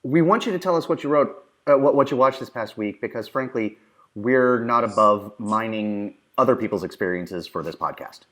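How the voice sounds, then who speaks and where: A man's voice: medium pitch, normal speed, a bit bright. A man co-hosting a movie podcast in casual chat, enthusiastic and emphatic with a joking streak. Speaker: podcast co-host.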